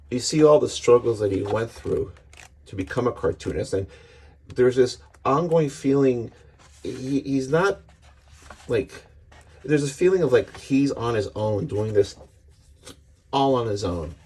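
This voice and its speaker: A man's voice: lowish voice, mellow, slightly rough. A middle-aged man giving a casual, earnest comics book review, rambling with frequent restarts.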